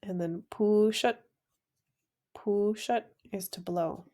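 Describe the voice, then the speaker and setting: A woman teaching an online language class, pronouncing each word slowly and repeating it for learners. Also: mid-range voice, dark tone. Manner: slow, careful word-by-word pronunciation, repeating each word.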